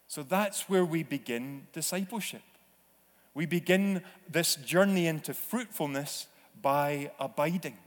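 Male pastor, slightly high voice, unhurried preaching, church reverb. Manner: slow, deliberate preaching with acted-out voices. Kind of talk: sermon. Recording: long reverb of a church hall.

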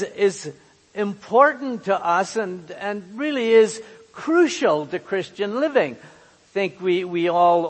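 Male pastor, earnest sermon, slow and high-pitched, long hall echo. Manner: earnest, repeats words while finding them.

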